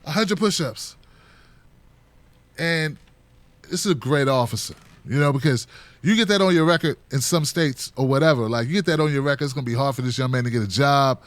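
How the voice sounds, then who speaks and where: A man's voice: mid-range voice, a little fast, no echo. A middle-aged man hosting a casual solo commentary, joking loosely and acting out other people's voices. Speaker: political commentary host.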